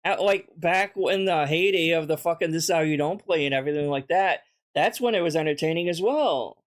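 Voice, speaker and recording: Male streamer, somewhat high-pitched, blunt and sneering in casual commentary. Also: brisk. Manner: blunt, mocking, swears often. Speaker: streamer reacting to a video.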